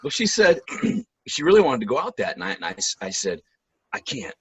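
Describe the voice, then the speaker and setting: Hoarse man telling animated stories. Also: mid-range voice, fairly quick, dry recording. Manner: animated storyteller, laughs and clears throat often. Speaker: guest, musician and voice actor. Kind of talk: casual storytelling chat. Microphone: video call.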